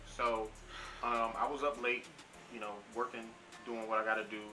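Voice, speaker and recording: A man explaining things casually to viewers in a relaxed, plain way. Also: mid-range voice, moderate pace, distant mic, soft background music, low-quality recording. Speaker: co-host, husband.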